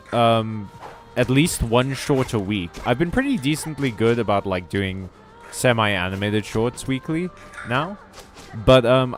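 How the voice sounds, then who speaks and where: A man streaming a video game, chatting casually in a rambling, joking way with some swearing. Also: medium pitch. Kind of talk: casual gaming stream chat.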